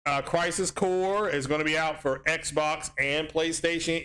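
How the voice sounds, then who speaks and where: A man's voice: fairly high pitch, steady tone, a little slow, bright, forceful tone, clear, resonant tone. A man hosting a casual gaming livestream, rambling with many ums and restarts as he reads chat aloud.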